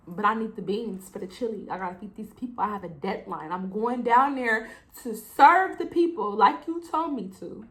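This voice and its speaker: A woman's voice: medium pitch, moderate pace, few pauses, a bit bright, poor audio. A young adult woman hosting a solo podcast, talking emotionally and preachily and acting out her talks with God. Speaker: podcast host. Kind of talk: casual solo podcast talk.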